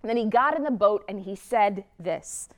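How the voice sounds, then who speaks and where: A woman's voice: medium pitch, expressive, moderate pace. A woman preacher giving a sermon, earnest and reflective, often asking the listener rhetorical questions.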